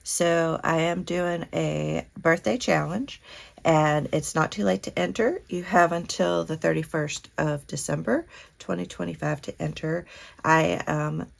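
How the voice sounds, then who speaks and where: A woman's voice: deep voice, steady tone, measured pace, vocal fry. A woman from Kentucky, chatting casually and gushing as she hosts a crafting unboxing vlog. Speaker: crafting channel host.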